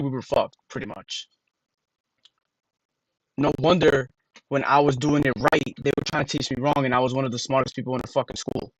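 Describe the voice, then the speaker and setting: A man's voice: medium pitch, steady tone, fairly quick, pauses often, dry recording, poor audio. An American man livestreaming, talking casually and sounding words out letter by letter. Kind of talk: casual rambling stream talk.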